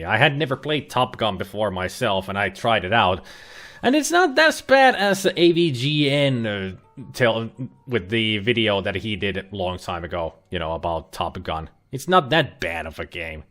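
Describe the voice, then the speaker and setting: A man's voice: on the low side, sing-song, moderate pace, fairly bright tone. A man giving casual, joking commentary while playing an old computer game, chatting and muttering asides. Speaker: let's play host. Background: faint game music.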